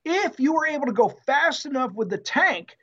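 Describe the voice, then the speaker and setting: A former Marine telling an animated story in an interview, acting out the quotes with salty language. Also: male voice, very high voice, normal speed, muffled recording. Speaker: guest, former Marine tank driver.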